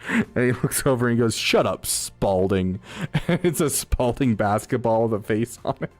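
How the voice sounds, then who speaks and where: A man's voice: mid-range voice, a little fast, a little mellow, faint music behind. A man streaming live, chatting casually with his viewers, rambling, restarting his sentences and laughing often. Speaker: streamer reading chat.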